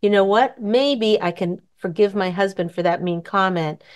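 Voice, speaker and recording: A woman's voice: mid-range voice, normal speed, clear, resonant tone. Chatty woman giving advice. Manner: chatty, rambling, acts out dialogue. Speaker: host answering questions. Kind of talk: casual advice talk.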